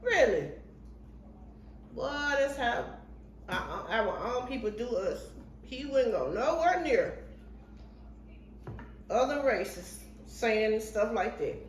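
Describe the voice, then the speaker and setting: A woman in her fifties, a vlogger and barber, cooks in her kitchen while retelling a story in an animated, chatty, colloquial way. Her voice is fairly high and slow, with long pauses. A far-off mic gives a roomy sound, and slight background noise is audible.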